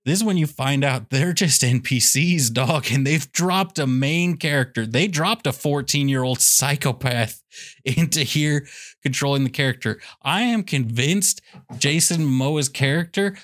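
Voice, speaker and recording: A man with a mid-range voice chatting loosely on a movie podcast. He rambles and jokes, piling one gag onto the next in an animated storytelling manner. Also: mid-range voice. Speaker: podcast co-host. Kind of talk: casual movie review chat.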